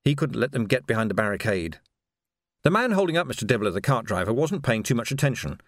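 Measured male audiobook narrator, dry sound. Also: mid-range voice, dry recording. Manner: steady, measured storytelling.

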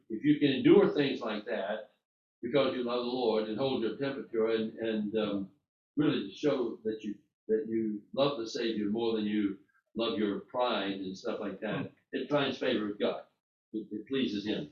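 Man giving a rambling Bible talk. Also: on the low side. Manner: conversational, halting with restarts and fillers. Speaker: Bible teacher. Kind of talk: informal sermon. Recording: distant mic in an echoey room, muffled.

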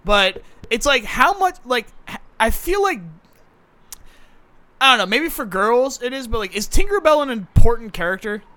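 High, bright-voiced young man, blunt and profane. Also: very animated, moderate pace, no echo. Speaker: podcast co-host. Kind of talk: casual chat.

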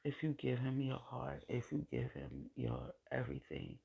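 A woman shares a personal faith testimony, talking slowly and repeating phrases for emphasis, sometimes sinking to a whisper. Her voice is very husky and gravelly. The recording sounds dull and lo-fi. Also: very deep voice, lively intonation. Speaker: vlogger sharing her faith.

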